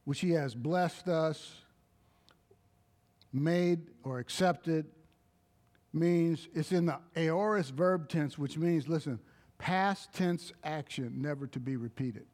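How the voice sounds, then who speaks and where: A man preaching a sermon, slow and emphatic, breaking into short exclamations of praise. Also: on the high side, darkish tone.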